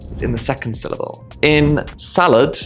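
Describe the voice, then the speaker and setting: A man giving a pronunciation lesson, slowly repeating and demonstrating sounds. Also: mid-range voice, big pitch swings, creaky, soft background music. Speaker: English teacher.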